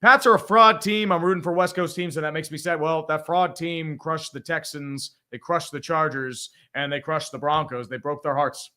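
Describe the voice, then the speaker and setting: A man hosts a live reaction stream and talks in a blunt, profane, opinionated way. His voice sits a little high for a man and has a bright, forceful edge. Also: steady tone. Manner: blunt and profane, quick opinions, frequent laughs. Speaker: livestream host reading viewer donations.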